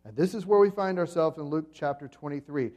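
A pastor preaching a sermon to his congregation, telling the story vividly, swinging between loud and soft, and asking the listeners questions. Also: a little high, fairly quick. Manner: dramatic storytelling with swings in volume.

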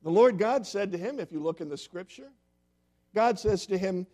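Storytelling pastor with a lively delivery. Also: male voice, sits high, normal speed. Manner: storytelling with lively quoted voices. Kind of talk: sermon.

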